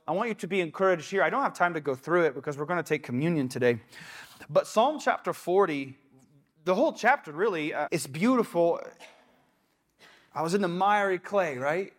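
Preaching in a church sanctuary, the young adult pastor speaks in a fairly high, slightly bright voice. His sermon is casual and conversational, with occasional quoted asides.

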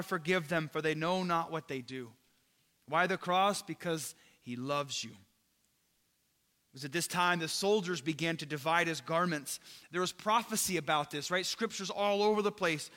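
A man's voice: high voice, pushed and bright, big-room sound. A man preaching a sermon in a casual, conversational way, often turning to his listeners directly. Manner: casual, conversational, addresses listeners as "you guys". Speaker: pastor.

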